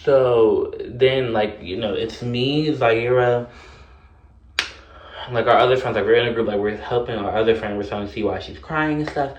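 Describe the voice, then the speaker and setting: A young man casually telling a story in a vlog, animated and sassy, full of fillers and cursing. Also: medium pitch, normal speed, echoey room, muffled recording, slight background noise.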